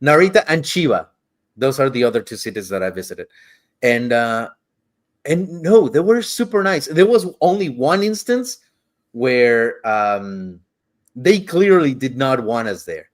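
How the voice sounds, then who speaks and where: Man, podcast co-host, slow easygoing delivery, middle pitch, casual swearing, acts out quotes. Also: big pitch swings. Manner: rambling, swears casually, repeats words; acts out quotes in shifting voices. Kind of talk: casual storytelling chat.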